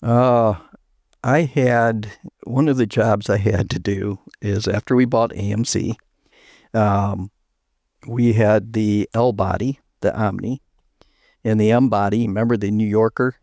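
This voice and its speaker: Older male guest, gravelly storyteller, dry close recording. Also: fairly low pitch, fairly even intonation, unhurried, darkish tone, no echo. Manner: rambling anecdotes with restarts and laughs. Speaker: guest, retired chief engineer. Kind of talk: storytelling interview.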